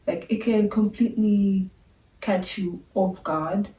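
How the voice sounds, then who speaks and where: A woman's voice: medium pitch, fairly even intonation, takes it slowly, dark tone. A young woman, a vlogger, talking candidly and casually to the camera, with lots of filler words. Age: young adult. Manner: chatty, filler-heavy, candid. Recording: roomy sound, a bit far from the mic.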